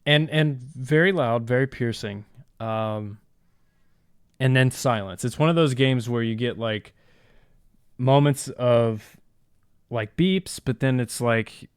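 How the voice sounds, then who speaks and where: Podcast guy, smooth clear voice, playful and jokey, dry mic. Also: mid-range voice, slow, pauses often, no room sound. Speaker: podcast co-host. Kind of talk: casual chat about a retro game.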